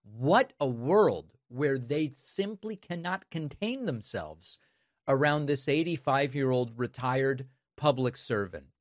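A man's voice: medium pitch, expressive, slow, no echo, studio quality. A man hosting political commentary, scornful and sarcastic as he introduces and mocks clips. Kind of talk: opinionated commentary.

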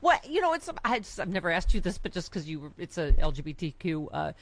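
A woman's voice: on the low side, very animated, fast, slight background noise. Brief: playful woman podcast host, rambling and giggly. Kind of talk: casual chat.

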